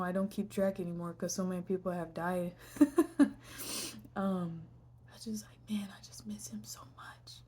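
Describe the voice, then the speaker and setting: A young adult woman talking casually and reflectively in a personal vlog, often trailing into whispers and filling pauses with "like". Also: lowish voice, a little mellow, breathy edge. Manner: reflective, heavy use of fillers, drifts into whispers. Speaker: vlogger.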